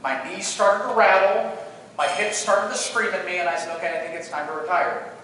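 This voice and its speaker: Keynote speaker, man, middle-aged, high-pitched, playful joker, distant mic in a reverberant hall. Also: a little fast, slight background noise. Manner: animated, playful, joking with the audience. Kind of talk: storytelling conference presentation. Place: large conference hall. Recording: echoey hall, picked up from afar.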